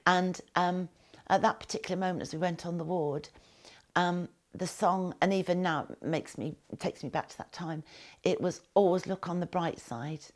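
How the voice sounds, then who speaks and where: An older woman recalling her time as a war nurse, speaking hesitantly with many pauses and restarts. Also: on the low side, fairly even intonation. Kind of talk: spoken recollection to camera.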